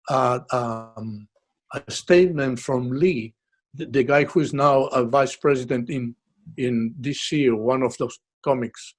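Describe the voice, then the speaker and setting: A man talks as a guest in a relaxed podcast interview. He speaks haltingly and often stops to search for words, with frequent fillers and restarts. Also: mid-range voice. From Uruguay. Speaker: guest artist. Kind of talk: casual interview.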